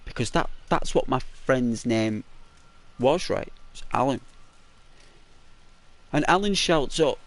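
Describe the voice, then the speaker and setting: A man's voice: medium pitch, expressive, slow pace, long pauses. A man hosting a gaming channel, telling a story in a chatty, rambling way with lots of fillers and restarts, in a semi-ASMR narration over gameplay.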